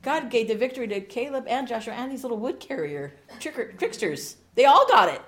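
A middle-aged woman preaching a sermon, animated and jokey, with laughing asides. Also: a little high, a little fast.

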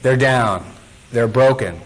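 A man's voice: medium pitch, slow pace, low-quality recording. A man teaching a sermon who keeps quizzing his congregation and acting out quotes. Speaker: Bible teacher.

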